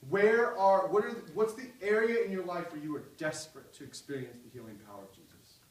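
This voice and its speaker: Male pastor, higher voice, impassioned sermon, echoey hall, a little off the mic. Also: a little fast, distant mic, a little hiss or hum. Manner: impassioned, swinging from loud cries to soft pleading.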